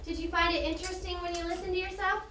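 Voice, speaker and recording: High, bright-voiced woman teaching a class. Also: level tone, fast talker, a little hiss or hum. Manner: clear, encouraging, explains step by step. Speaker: elementary school teacher. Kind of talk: classroom instruction. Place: elementary classroom.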